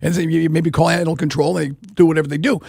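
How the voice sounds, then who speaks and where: Fast-talking high-voiced radio host man. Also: vocal fry, slightly rough, no echo, clean studio sound. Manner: animated storytelling, quick and chatty. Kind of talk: casual radio chat. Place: radio studio. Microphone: studio microphone.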